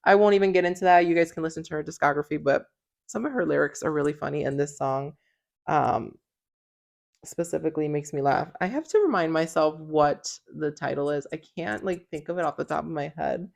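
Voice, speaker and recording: A woman's voice: deep voice, brisk, vocal fry, a little mellow. A young woman co-hosting a podcast in casual chat, giggly and full of fillers. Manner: chatty, giggly, lots of fillers and "like". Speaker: podcast co-host.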